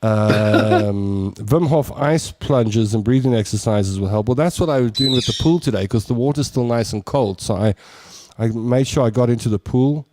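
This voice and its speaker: A man's voice: mid-range voice, normal speed, darkish tone. A man hosting a talk show, reading out listener messages and telling stories with frequent laughs. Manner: chatty storyteller, reads out listener messages, laughs often. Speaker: radio show host. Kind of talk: casual talk-show chat.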